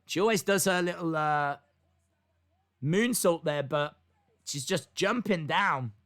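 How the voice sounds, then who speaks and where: A man's voice: a little high, slow pace, fairly bright tone. A young man hosting a live wrestling watch-along, calling the action and reading chat comments aloud. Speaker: wrestling stream host.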